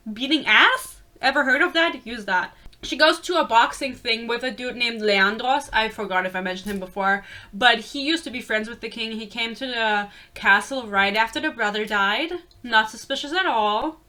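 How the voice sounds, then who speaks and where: A woman in her twenties vents about a book in a blunt, casual rant full of profanity. Her voice is bright and crisp and sits a touch high. She is exasperated and talks straight to the camera. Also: normal speed. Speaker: book reviewer.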